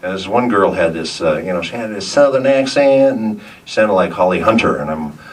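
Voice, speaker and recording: A man's voice: low voice, lively intonation, fairly quick. A man, a voice actor on a convention panel, telling rambling stories to a live audience and chuckling often between restarts. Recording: distant mic, noisy room.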